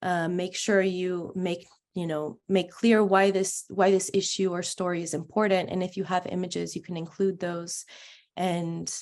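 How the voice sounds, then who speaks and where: A woman's voice: lowish voice, flat delivery, measured pace, darkish tone. A woman journalist being interviewed, talking through her answers with many fillers and restarts. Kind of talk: conversational interview talk.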